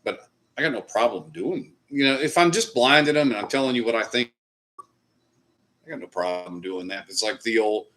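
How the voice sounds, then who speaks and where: Male livestream host, low-pitched, loose rambling chat. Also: normal speed, fairly bright tone. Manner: loose, rambling, swears casually. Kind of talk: casual live chat reading comments.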